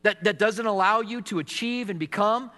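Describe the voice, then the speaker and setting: Bright-voiced preacher man in a hall. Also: high-pitched, normal speed. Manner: storytelling with acted quotes and humor. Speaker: pastor. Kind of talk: sermon.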